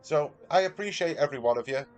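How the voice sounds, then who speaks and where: Fast-talking and lively in intonation, this higher-pitched Mancunian livestreamer has a little hiss or hum behind him. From Manchester, England, he chats casually with his audience and reads out their messages like a mate.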